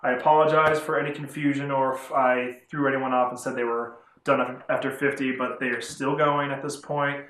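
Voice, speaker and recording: A man's voice: mid-range voice, little pitch movement, a little fast, few pauses, a bit bright. A man rambling through a casual vlog review of comic books, chatty and often correcting himself. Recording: roomy echo.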